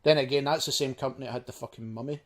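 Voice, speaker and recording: A man co-hosting a podcast, chatting casually, excitable and quick to laugh and swear. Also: mid-range voice. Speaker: podcast co-host. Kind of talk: casual chat.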